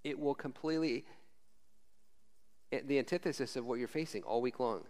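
Man, casual sermon, frank, chatty, informal preacher, mid-pitched voice. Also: moderate pace, a little mellow. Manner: informal, frank, uses fillers like "like" and "right?". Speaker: guest preacher, former missionary.

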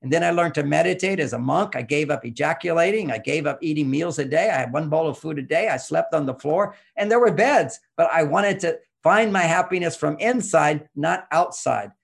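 An older man talks through relationship advice in an emphatic, lecturing way. His voice sits a little high and carries a gravelly, creaky edge. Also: fairly quick, few pauses. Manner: explanatory, emphatic, lectures with acted-out quotes. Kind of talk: conversational advice talk.

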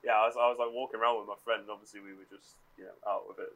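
A man's voice: fairly low pitch, level tone, very fast, fairly bright tone, poor audio. Sheepish man telling a story. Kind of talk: casual chat.

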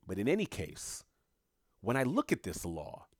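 A man's voice: lowish voice, huge pitch swings, normal speed, dry recording, clean studio sound. A man giving an opinion monologue, lecturing, firing off rhetorical questions and answering them himself with emphatic repetition. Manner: emphatic repetition, punchy short phrases. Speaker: commentator.

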